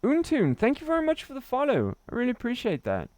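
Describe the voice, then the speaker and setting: A man's voice: extremely high pitch, huge pitch swings, fast talker, a little mellow, no echo. A man from Wales, chatting and laughing through a gaming livestream while reading his chat. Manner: chatty, laughs often, reads chat aloud. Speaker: streamer.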